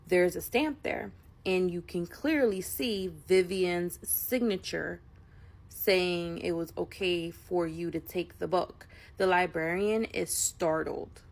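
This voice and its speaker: Low, gravelly woman telling a spooky story. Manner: casual, conversational, with filler words. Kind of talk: second-person spooky story narration.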